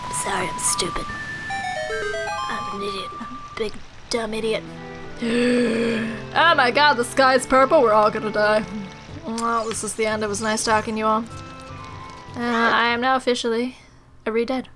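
A woman's voice: fairly high pitch, fairly even intonation, normal speed, long pauses, poor audio. A young woman in loopy gameplay commentary, goofy and crude, giggling as she plays. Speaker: let's player. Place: small hot recording room. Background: game music.

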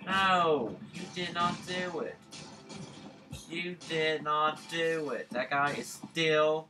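Excitable gamer shouting at the game. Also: medium pitch, slow pace. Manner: repeats words, rambling asides. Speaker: gameplay commentator. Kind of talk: let's play commentary. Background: game music.

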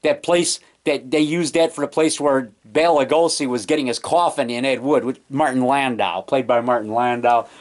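A man's voice: mid-range voice, steady tone, normal speed, few pauses. A man, a filmmaker, giving a rambling, self-correcting show-and-tell of his collection in his home basement, recorded on a camcorder. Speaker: filmmaker and vlogger. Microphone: handheld camcorder mic.

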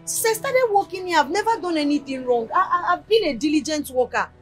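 A woman's voice: sits high, animated, brisk, fairly bright tone, soft background music. An actress with a Nigerian accent playing a desperate young shop worker begging her boss. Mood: pleading. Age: young adult. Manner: pleading, begging.

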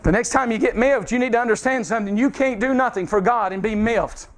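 A man's voice: extremely high pitch, fast talker. A man preaching a revival sermon in a church, fervent and repetitive, calling out to the congregation. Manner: fervent, calls out to the congregation, repeats phrases. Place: church sanctuary.

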